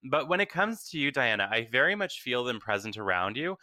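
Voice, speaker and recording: A man co-hosting a call-in show as a psychic medium, speaking gently and reassuringly with many fillers. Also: mid-range voice, very animated, brisk, no echo.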